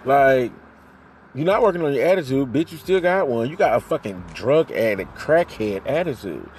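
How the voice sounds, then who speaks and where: Heated man venting in a lively voice. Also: moderate pace, slight background noise. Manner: heated, profane, swings loud and high then drops low. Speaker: vlogger ranting to camera. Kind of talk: profane venting monologue.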